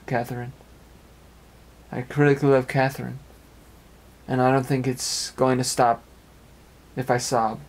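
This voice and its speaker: A young man talking at length in an earnest, rambling personal monologue, repeating phrases as he goes, recorded in an apartment. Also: medium pitch. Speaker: amateur web radio speaker.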